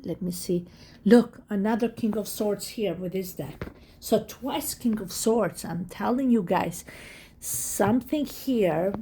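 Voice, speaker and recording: A woman giving a casual tarot reading straight to her viewers, excited and emphatic, repeating her points. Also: mid-range voice, takes it slowly, slight background noise. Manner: excited, emphatic and repetitive, addressing viewers directly. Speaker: tarot reader.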